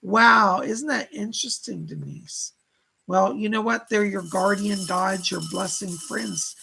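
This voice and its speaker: A man's voice: sits high, measured pace, vocal fry, sharp tone, a little hiss or hum, low-quality recording. A man hosting a live stream as a psychic reader, chatting casually, reading out viewer comments and laughing often.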